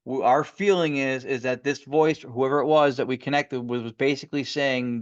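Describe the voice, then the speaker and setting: A man's voice: mid-range voice, fairly even intonation, moderate pace, hardly any pauses, dry recording. A man, a guest on a podcast, telling stories eagerly in a rambling way with many restarts. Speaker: guest paranormal investigator. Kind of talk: casual podcast storytelling. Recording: muffled lo-fi audio.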